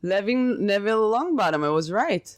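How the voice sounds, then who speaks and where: A woman's voice: mid-range voice, big pitch swings, normal speed, dry recording. A young adult woman with an Israeli accent, speaking Hebrew as her first language, co-hosting a podcast in a playful, teasing chat. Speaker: podcast co-host. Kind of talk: casual chat.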